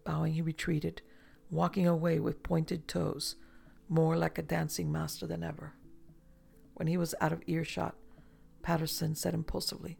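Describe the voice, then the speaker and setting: An audiobook narrator reads in a measured, descriptive way. The voice is deeply gravelly with a husky edge. Faint music plays underneath. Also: level tone, a little mellow.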